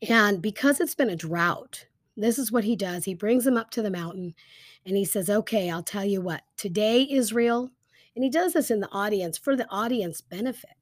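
A woman teaching a Bible story in a casual, lively storytelling way, with frequent fillers like "um" and "like". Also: mid-range voice, fairly quick, dry recording, clean studio sound.

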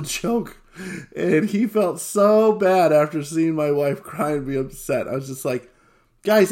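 A man telling a lively personal anecdote, acting out what people said and laughing along the way. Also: medium pitch. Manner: animated storyteller who acts out quotes and laughs often.

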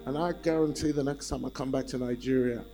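A man preaching a sermon as a visiting speaker, telling a story in an animated and self-deprecating way. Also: mid-range voice, quick pace, soft background music.

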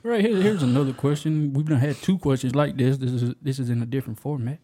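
A man's voice: medium pitch, quick pace, warm tone. A man co-hosting a podcast, teasing the others and reading out questions. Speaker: podcast co-host. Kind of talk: casual chat.

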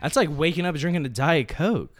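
A man co-hosting a casual podcast, chatting and breaking into excited play-by-play as he watches a match. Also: a little high, brisk. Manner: excited, jumps into play-by-play commentary. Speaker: podcast co-host. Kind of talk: casual live-reaction chat.

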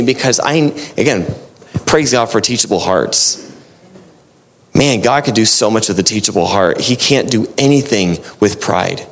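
A man preaching a sermon in a conversational style, jumping into animated quoted voices and mixing quick bursts with slow emphatic phrases. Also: medium pitch. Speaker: pastor.

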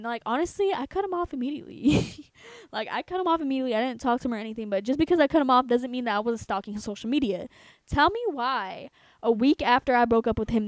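A young woman co-hosting a podcast, telling a story in a casual, profane, animated way and talking straight to her listeners. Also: a little high, no echo. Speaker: podcast co-host.

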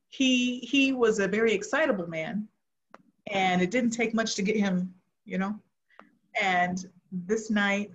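A middle-aged woman preaching a sermon, telling an earnest personal testimony and going soft and hushed at the tender moments. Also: medium pitch. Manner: earnest, storytelling, drops to soft tones for emotional moments. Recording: muffled lo-fi sound.

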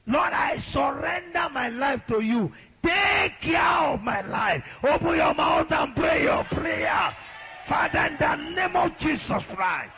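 A husky, strained pastor leads his flock in prayer, his voice high and swinging widely as he shouts out declarations over the hum of a crowd. He drags his words out slowly and forcefully, pressing each line home with a sharp, bright edge. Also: very animated. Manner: exhorting, shouting out prayers to a congregation. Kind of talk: sermon.

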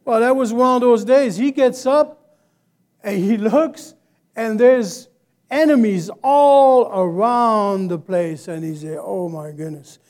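High-voiced, unhurried male preacher. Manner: rousing call-and-response, building to loud exclamations. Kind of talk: sermon. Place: church service.

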